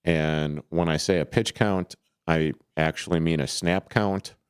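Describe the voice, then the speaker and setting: In a studio, a man hosts a laid-back sports talk radio show, rambling loosely with lots of fillers and restarts. His voice sits low and a little slow, smooth and echo-free, picked up by a studio microphone.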